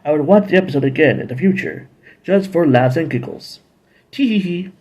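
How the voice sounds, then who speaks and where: A man's voice: on the high side, brisk, darkish tone, slightly rough, highs cut off. A man casually recapping and reviewing TV episodes, rambling with playful asides and bits of humming.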